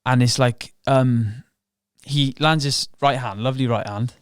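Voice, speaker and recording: This male professional fighter, a podcast guest, speaks at a measured pace in a mid-range voice that is clear and resonant. He relives his story frankly and profanely in casual interview style, quoting what he and others were thinking. The audio is clean studio sound without echo.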